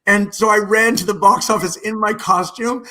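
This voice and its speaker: A man's voice: high-pitched, normal speed. A middle-aged man, a stage actor, telling stories with many restarts over a video call. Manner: lively, animated, rambling with many restarts. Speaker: guest, musical theatre actor. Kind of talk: anecdotal storytelling in a video-call interview.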